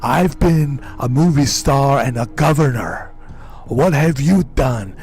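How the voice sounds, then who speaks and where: A man doing an impression of a boastful, macho older ex-governor who brags slowly and taunts his listener. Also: medium pitch, expressive, a little mellow, faint music behind. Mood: boastful taunting. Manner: slow, swaggering macho bragging.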